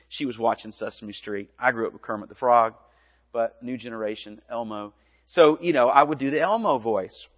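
A middle-aged man, a pastor, giving a gentle children's sermon in a church, telling a story in simple words. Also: medium pitch. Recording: reverberant church, dull lo-fi sound.

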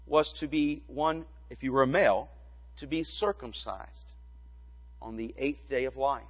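Male pastor, slightly high voice, patient teaching sermon, long hall reverb, muffled recording. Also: slightly rough. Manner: measured teaching with rhetorical questions.

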